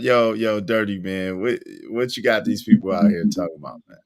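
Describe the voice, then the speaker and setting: A man's voice: fairly low pitch, normal speed. A man hosting a casual live-stream chat, joking and teasing his guests with frequent laughter. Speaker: show host.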